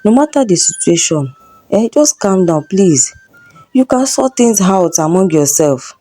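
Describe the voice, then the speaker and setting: A woman voicing neighbor men who urge an angry husband to calm down. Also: medium pitch, a little slow, no room sound. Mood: soothing. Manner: soothing, pleading for calm. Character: calming male neighbors, grown men.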